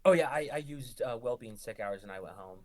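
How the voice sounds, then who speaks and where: Young guy, er nurse on a podcast, tells stories lively, mid voice, does the voices of people he quotes. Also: fairly quick. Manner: animated, acts out quoted lines with rising pitch. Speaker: ER nurse guest. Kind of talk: casual storytelling.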